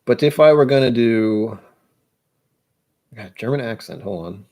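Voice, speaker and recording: A man's voice: mid-range voice, animated, a little slow, dark tone. A young American man hosting a whiskey channel, rambling casually and poking fun at himself. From United States. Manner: self-deprecating, musing aloud.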